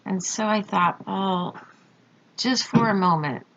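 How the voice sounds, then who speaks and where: A woman slowly recounting a personal experience, halting with fillers and pauses. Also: medium pitch, creaky, a bit bright, slight background noise. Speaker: storyteller recounting a near-death experience. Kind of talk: slow personal testimony. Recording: dull lo-fi recording.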